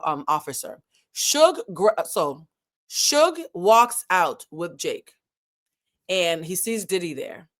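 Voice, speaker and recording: Woman, casual storytelling commentary, profane, lively swooping pitch, emphatic quoted bursts. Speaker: commentary channel host.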